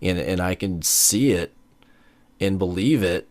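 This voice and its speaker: A man with a very low, deep voice talks through his thoughts on a gaming podcast. His delivery is measured and analytical. The sound is close and dry, with no room around it. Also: dry recording. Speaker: podcast co-host. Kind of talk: casual gaming podcast chat.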